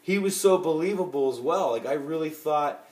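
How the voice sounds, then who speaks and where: A man's voice: fairly high pitch, moderate pace, a little mellow. A man casually chatting about the movies he bought, rambling and restarting often, with lots of fillers. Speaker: movie collector vlogger. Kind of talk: casual chat. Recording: roomy echo.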